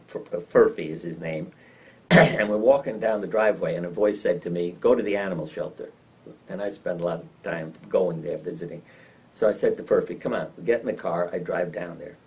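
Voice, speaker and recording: An older man telling lively anecdotes as an interview guest, acting out the voices of the people in his stories. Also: low-pitched. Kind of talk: storytelling in an interview. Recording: dull lo-fi sound from some distance.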